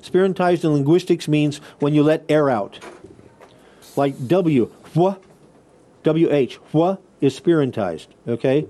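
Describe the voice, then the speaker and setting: A man teaching Bible Greek lectures his class with patience, often restarting phrases and checking in with his students. His voice sits fairly high, with a warm tone and a slightly slow pace.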